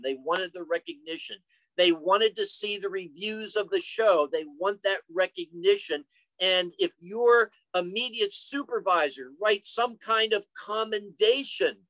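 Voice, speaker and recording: A man's voice: high-pitched, fairly bright tone, no room sound, poor audio. An older man presenting an online career talk, chatty and full of stories and joking asides. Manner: chatty, storytelling, jokey asides. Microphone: computer mic on a video call.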